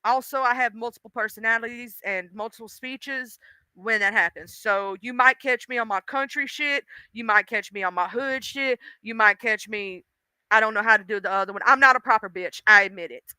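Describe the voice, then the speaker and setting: A woman chatting casually on a livestream, animated and outspoken, rambling from thought to thought. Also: fairly high pitch, moderate pace, clear, resonant tone, no room sound.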